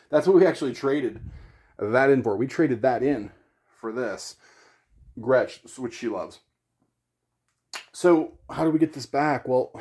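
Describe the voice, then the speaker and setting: A man's voice: medium pitch, mellow. A man talking casually to camera about his gear, rambling and self-deprecating, with many fillers and restarts. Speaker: gear vlogger.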